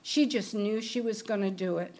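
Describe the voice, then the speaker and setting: A woman's voice: medium pitch, normal speed, a little mellow. A middle-aged woman giving a sermon, telling a story and acting out the scenes with shifting voices. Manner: storytelling, acts out film scenes in varied voices. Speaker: spiritual speaker.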